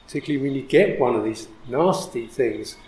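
A man who is a Buddhist monk teacher, giving a reflective dharma talk with frequent soft laughter. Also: medium pitch, expressive, brisk, reverberant, low-quality recording.

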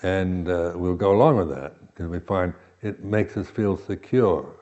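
Very deep-voiced man giving a slow dharma talk. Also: darkish tone, muffled recording. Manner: slow, reflective, with many pauses and restarts. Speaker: meditation teacher.

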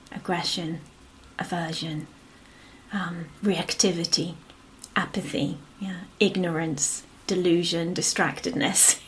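Soft-spoken woman giving a dharma talk. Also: lowish voice. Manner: gentle and unhurried, often fading to a whisper; frequent affirming "yeah" between phrases. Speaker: meditation teacher.

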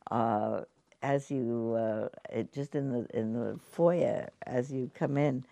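An older woman gives a dharma talk in a low, mellow voice with a gravelly edge. She muses conversationally, pausing on fillers and restarting her sentences. The sound is dry and close. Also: no room sound. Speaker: meditation teacher. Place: meditation hall.

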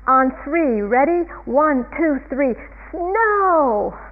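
A woman voicing a frustrated little boy who shouts and pleads for snow, heard over a tinny, phone-like line. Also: sits high, lively intonation, drawn-out words, pitched above the performer's own voice, exaggerated voice. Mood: demanding.

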